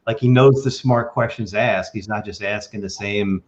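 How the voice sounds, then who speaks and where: A man hosting a podcast, telling stories in a casual, animated way. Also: lowish voice, normal speed, lo-fi sound. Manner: animated, acts out quoted lines. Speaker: podcast host. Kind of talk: casual storytelling chat.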